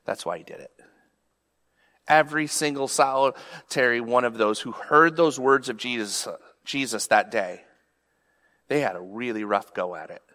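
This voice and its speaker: Bright-voiced preacher in a reverberant hall. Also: male voice, mid-range voice. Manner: conversational, emphatic, with rhetorical questions. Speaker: pastor. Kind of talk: sermon.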